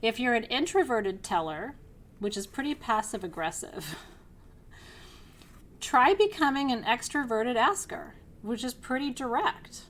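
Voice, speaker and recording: A middle-aged woman teaching a class, energetic and outgoing, who laughs often and keeps checking in with her listeners. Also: fairly high pitch, a little slow. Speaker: spiritual teacher leading an online class. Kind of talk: teaching a live class to students.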